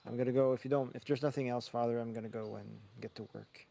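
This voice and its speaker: A man voicing a fifteen-year-old boy who brushes off concern in a hurried, dismissive way. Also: mid-range voice, steady tone, gravelly, dark tone, natural voice.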